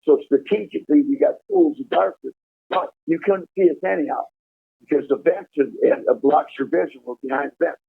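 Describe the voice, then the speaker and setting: High raspy guy on a tinny prison phone, cussing through a wild story. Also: a little fast. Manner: profane, animated storytelling, laughing at his own tale. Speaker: incarcerated caller telling prison stories.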